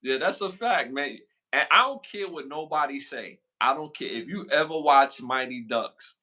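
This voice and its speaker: A man co-hosting a podcast in casual chat, animated and slangy, his voice leaping higher when he gets excited. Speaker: podcast co-host.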